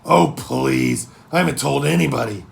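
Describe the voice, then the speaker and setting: A man's voice: mid-range voice, moderate pace, creaky. A man voicing a boastful, jolly male pirate king who blusters and teases in a storybook reading. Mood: blustering. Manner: blustering, teasing.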